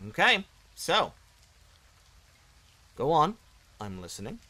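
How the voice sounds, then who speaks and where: A man's voice: fairly high pitch, wildly swooping pitch, takes it slowly, pushed and bright, low-quality recording. A man hosting a game playthrough, reading the story text aloud and chatting playfully between scenes. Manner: chatty, self-correcting, playful. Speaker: gaming channel host.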